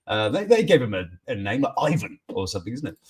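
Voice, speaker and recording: A man's voice: mid-range voice, sing-song, fast, husky. A man hosting a casual live news chat, joking and reacting to viewers' comments in a chatty way. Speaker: host of a morning news chat stream.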